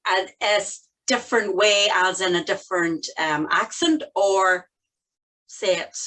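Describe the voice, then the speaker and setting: A woman's voice: mid-range voice, a little slow, fairly bright tone, low-quality recording. A woman taking part in a presentation workshop, hesitant and checking instructions before reading a passage aloud. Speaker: workshop participant.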